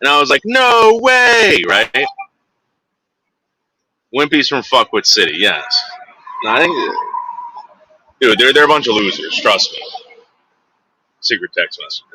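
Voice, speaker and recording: Man, 40s, crude rambling storyteller, bright lively voice, dry sound. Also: mid-range voice, normal speed, pauses often, slight background noise, rough recording. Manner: rambling, crude, digressive, frequent fillers. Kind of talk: rambling anecdote.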